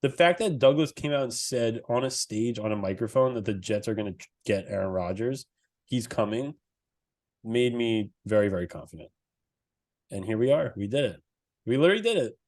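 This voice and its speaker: A young man co-hosting a sports podcast, excitable and swearing, laughing often as he talks. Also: medium pitch, brisk. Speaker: podcast co-host.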